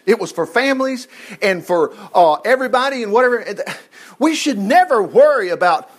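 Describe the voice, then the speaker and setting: A man preaching a Bible-teaching sermon in an animated, rambling way, with chatty asides and frequent exclamations of praise. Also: sits high. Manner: animated, rambling, chatty asides while flipping through scripture.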